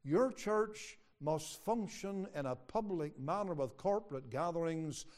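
A male preacher delivering an earnest, emphatic sermon. His voice sits fairly high for a man, and he leans into long Scripture quotations. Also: expressive, a little slow, a little mellow. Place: home, away from the usual church.

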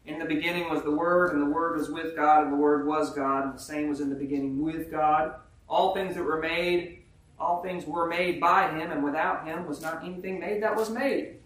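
A man with a somewhat high voice delivers a sermon, leaning hard on each verse and then breaking it down in everyday words. He often asks his listeners questions. He sounds far from the mic, in a very echoey church hall. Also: fairly even intonation, a bit bright. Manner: reads verses slowly and emphatically, then explains in plain talk. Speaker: preacher. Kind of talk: sermon with scripture reading. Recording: very echoey room, voice from afar.

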